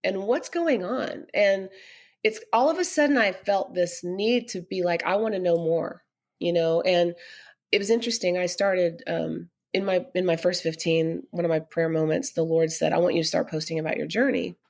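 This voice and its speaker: Her voice is lowish and creaky, her pace moderate: a middle-aged woman guesting on a podcast, recounting something personal in earnest and getting animated as she repeats what others said.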